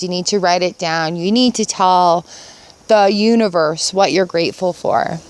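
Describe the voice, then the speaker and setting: A middle-aged woman records a casual gratitude vlog outdoors in her yard, earnest and upbeat, repeating phrases for emphasis. Her lowish voice is clear with a resonant tone.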